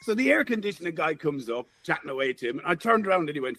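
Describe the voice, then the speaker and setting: A man's voice: a little high, sing-song, racing, a bit bright, no room sound. A man in his forties with an Irish accent, telling a story as a guest caller, swearing freely and chuckling. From Ireland. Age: 40s. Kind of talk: casual storytelling.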